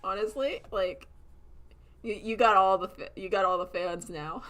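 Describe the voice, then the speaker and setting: A woman's voice: medium pitch, steady tone, moderate pace, fairly bright tone, faint music behind. A young woman chatting casually on a livestream, sarcastic and giggly, laughing often and acting out quoted voices. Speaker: streamer chatting while drawing.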